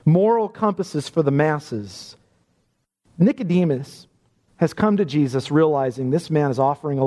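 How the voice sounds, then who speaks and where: Male preacher, high-pitched and animated, warm mellow tone, emphatic sermon delivery in a reverberant church.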